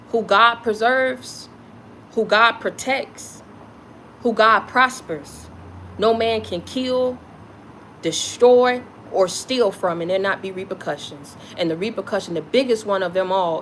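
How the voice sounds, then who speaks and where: A woman's voice: medium pitch, slight background noise. A woman delivering an impassioned spiritual message to her viewers, blunt and profane, repeating lines for emphasis. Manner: preachy, repetitive, blunt and profane. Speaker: spiritual content creator.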